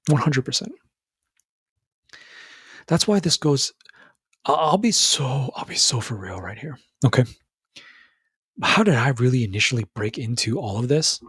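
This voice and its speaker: A young man talking casually to his viewers, rambling and stammering through restarts, animated and full of bro slang. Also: mid-range voice, measured pace, long pauses, husky, no echo, studio quality. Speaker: YouTuber. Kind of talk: casual monologue to camera.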